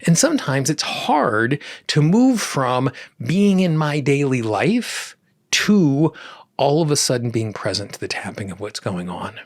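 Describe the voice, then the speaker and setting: Calm, husky-voiced man teaching tapping. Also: measured pace, dry recording, studio quality. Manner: calm, reflective, drops soft and low on key words. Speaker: podcast host, tapping teacher. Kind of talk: instructional podcast monologue.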